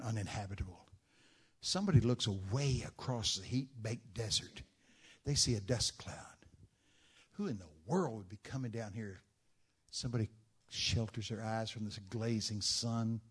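A man's voice: mid-range voice, breathy edge. Man, preacher, sermon, dramatic storytelling, rhetorical questions, mid-range voice.

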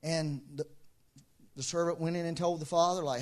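A man's voice: a little high, steady tone, moderate pace, a little mellow. A middle-aged man preaching a sermon, telling stories, acting out quoted voices and laughing often. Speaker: pastor.

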